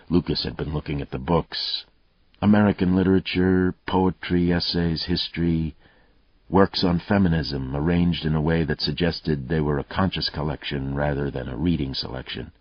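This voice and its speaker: A man narrating an audiobook in a steady, even reading voice. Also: a bass voice, normal speed, no room sound. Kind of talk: scripted narration. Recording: dull, muffled dry audio.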